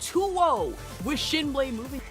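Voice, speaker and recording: A young woman gives excitable play-by-play for a fighting game, quick to joke and laugh. Her voice sits fairly high. Loud music plays under her. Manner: excitable, playful, laughs and jokes. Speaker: esports commentator. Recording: loud music bed behind.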